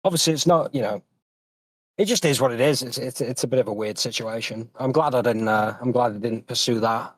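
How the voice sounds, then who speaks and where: A young man from Britain chatting casually, rambling and repeating himself with lively swings in pitch. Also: brisk, dry recording. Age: young adult. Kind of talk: casual chat.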